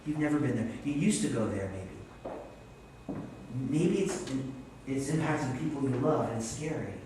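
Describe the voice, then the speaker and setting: A man from Vermont preaching a sermon in a church, telling stories in an animated, self-deprecating way. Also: medium pitch, a little slow, noisy background. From Vermont, USA. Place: church sanctuary. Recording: echoey church hall, distant mic.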